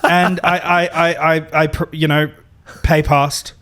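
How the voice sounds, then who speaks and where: A man's voice: a little high, level tone, slow pace, a bit bright, dry recording. A man co-hosting a podcast, telling a long, rambling, self-deprecating story in a casual, profane way, full of restarts. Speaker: podcast co-host.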